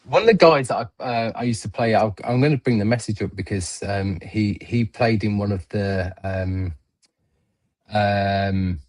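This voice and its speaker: On a remote podcast stream, a middle-aged male host chats casually, telling rambling, filler-heavy stories full of restarts. His voice sits fairly low and sounds unhurried and a little mellow.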